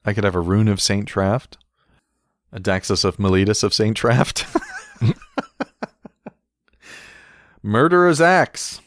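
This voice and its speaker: A man's voice: on the low side, fairly even intonation, unhurried, long pauses, no echo, studio quality. A man co-hosting a casual podcast, reviewing game cards in a wry tone, laughing often and reading card text aloud. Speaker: podcast co-host.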